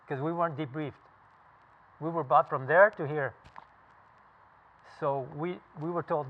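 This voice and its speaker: A man's voice: on the high side, fairly even intonation, a little slow, long pauses. A man in his seventies from California, a veteran telling his story to a group of listeners in a blunt, profane, emphatic way. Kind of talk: casual spoken recollection to a group. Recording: tinny phone-like sound.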